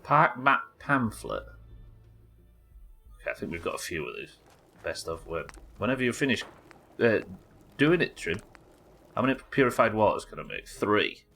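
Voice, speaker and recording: A man's voice: fairly low pitch, very animated, normal speed, long pauses, pushed and bright, soft background music. A young man streaming a game live, chatting casually and rambling, swearing and reacting aloud as he plays. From United Kingdom. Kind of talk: live gameplay commentary.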